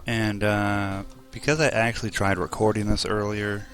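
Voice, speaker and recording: A man's voice: fairly low pitch, little pitch movement, moderate pace, fairly bright tone, soft background music. A young man casually commenting on his role-playing video game session, rambling and joking at his own expense, recorded on a desk mic at home. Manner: joking, rambling, laughs at himself. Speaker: let's play host.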